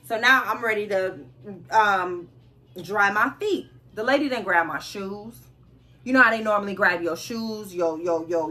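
A young woman chatting straight to her viewers in a casual storytime vlog. She has a bright, somewhat high voice and acts out every quote with big, animated swings. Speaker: vlogger.

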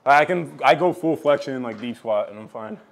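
A young man in a garage gym talking loosely and relaxed about his training. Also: medium pitch, moderate pace, vocal fry. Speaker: athlete. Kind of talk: casual workout chat.

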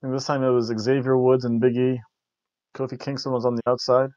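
A man's voice: medium pitch, level tone, a little fast, warm tone, no echo. A man hosting a wrestling review show, rambling in casual chat with jokes and frequent restarts. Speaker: wrestling review podcast host. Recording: dull lo-fi dry recording.

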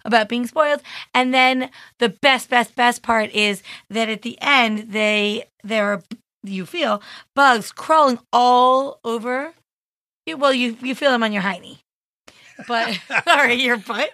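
A woman's voice: on the high side, a little slow, sharp tone, no echo, clean studio sound. A woman co-hosting a podcast in casual chat, chatty and giggly, rambling. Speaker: podcast co-host.

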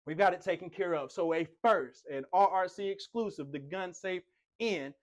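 A man with a fairly high voice leads a walk-through of a home. He talks like a playful showman, cracking jokes and bragging about himself as he goes. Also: normal speed. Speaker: tour host. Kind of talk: enthusiastic home tour presentation.

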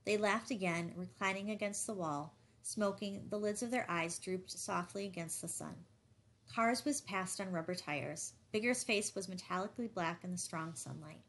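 A woman reading a novel aloud as an audiobook narrator, measured and even. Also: medium pitch, slight background noise. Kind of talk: scripted narration.

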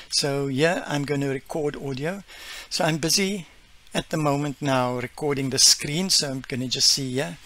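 A man casually walking viewers through a software demo, enthusiastic and chatty, with plenty of fillers. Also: fairly high pitch. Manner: enthusiastic, explains step by step with many fillers. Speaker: tech vlogger.

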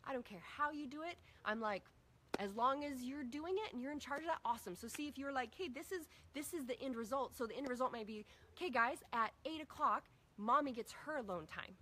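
A woman's voice: high voice, fairly quick. A middle-aged woman coaching a group on parenting, casually acting out talks with her kids. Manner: energetic, acts out dialogue with her kids.

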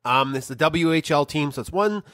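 A man's voice: on the high side, animated, normal speed, a bit bright, no room sound, studio quality. A middle-aged man co-hosting a podcast, telling a family story in a rambling way with frequent ums and restarts. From Canada. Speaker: podcast co-host. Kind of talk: casual chat.

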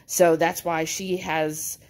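A woman vlogger chatting casually to camera in an animated, storytelling way. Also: fairly low pitch, slow, rough recording.

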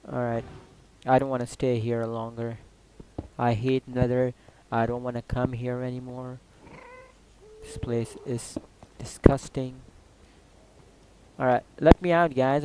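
Excitable man narrating his gameplay. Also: medium pitch, slow pace, pauses often, heavy background noise. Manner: excitable, loud outbursts, swears and jokes. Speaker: gaming YouTuber. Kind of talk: casual gameplay commentary.

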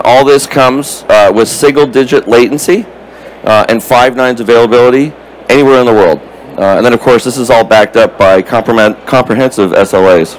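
A man in a middle register gives a live conference session on a database product, speaking casually and stopping often on fillers. His voice is going hoarse and he clears his throat now and then. A faint hum of room noise sits under the talk. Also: medium pitch, rough recording. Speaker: conference presenter.

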